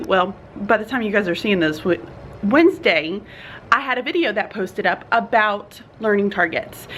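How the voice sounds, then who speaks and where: A woman's voice: on the high side, a bit bright, a little hiss or hum. Chatty tired teacher woman. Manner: chatty and earnest, says y'all, laughs often. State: tired, yawning. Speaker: teacher vlogger. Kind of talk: casual morning vlog. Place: classroom.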